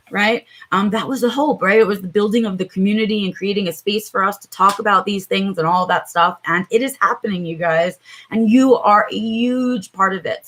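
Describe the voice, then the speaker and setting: A woman hosting a casual morning livestream, sounding tired and low on energy, chatting with viewers with lots of fillers. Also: fairly bright tone. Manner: chatty, greets viewers by name, many fillers. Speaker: livestream host.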